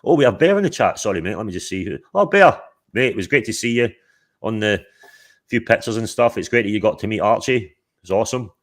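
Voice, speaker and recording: A man's voice: fairly low pitch, expressive, fast talker. A man hosting a livestream, chatting casually in a rambling, sweary way. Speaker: livestream host. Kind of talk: casual chat.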